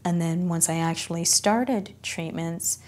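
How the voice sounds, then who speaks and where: A woman's voice: fairly low pitch, measured pace, darkish tone. A woman who is a cancer patient, telling her story in an interview in an earnest, reflective way. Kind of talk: interview testimony.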